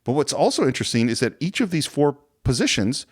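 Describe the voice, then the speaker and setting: A man's voice: mid-range voice, slightly rough. A man co-hosting a film podcast, casually walking through a movie scene by scene and briefly acting out characters' lines. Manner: animated retelling of scenes, acting out lines in quick voices. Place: podcast studio.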